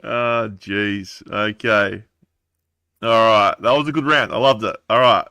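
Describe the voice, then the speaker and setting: Australian male host, bright tone, dry studio, upbeat casual chat. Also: lowish voice, fairly even intonation, measured pace, clear, resonant tone, no room sound. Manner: upbeat, running the segments. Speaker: podcast host.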